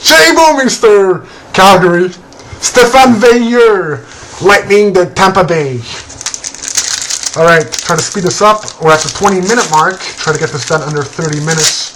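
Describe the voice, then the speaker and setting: A man hosting a card break, calling out player names and teams in a relaxed, casual way and laughing now and then. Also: high-pitched, normal speed, background noise. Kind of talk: casual card-opening commentary.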